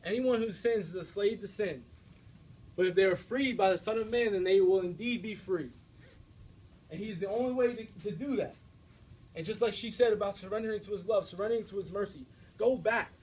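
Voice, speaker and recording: A young American man giving an energetic, direct faith talk to a student audience, often checking in with his listeners. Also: high-pitched, fairly quick, slightly rough, low-quality recording. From United States. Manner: energetic, direct, preachy, with frequent checks like "all right?". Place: university room before an audience.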